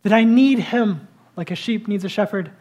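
A man's voice: high voice, moderate pace, darkish tone. Man preaching in an easy, conversational way. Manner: conversational preaching with rising emphatic bursts. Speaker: pastor. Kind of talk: sermon.

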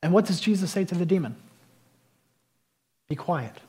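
A man preaching a passionate sermon, swinging between loud emphasis and quiet intensity. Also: high-pitched, racing, husky. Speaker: pastor.

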